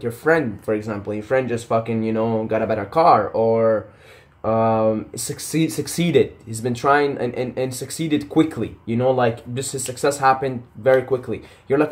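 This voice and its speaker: A young man talking casually to camera in a passionate, rambling rant full of swearing and tangents. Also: mid-range voice. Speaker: vlogger.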